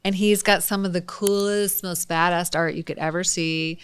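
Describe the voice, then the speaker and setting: A woman hosting a podcast interview in a studio, chatting casually, bubbly and quick to laugh and gush. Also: lowish voice, fairly even intonation, smooth. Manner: bubbly, laughs often, gushing. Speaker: podcast host.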